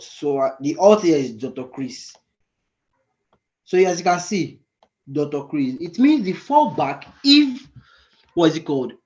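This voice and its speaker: A man mentoring frontend coders in a live screen-share lesson, thinking aloud and often pausing to search for the right word. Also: mid-range voice, darkish tone, dull audio.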